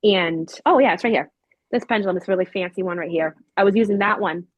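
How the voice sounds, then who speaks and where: A woman's voice: mid-range voice, quick pace, no echo, dull audio. Chatty woman telling ghost stories. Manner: animated, acts out quoted voices with many fillers. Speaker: paranormal investigator. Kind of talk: casual storytelling.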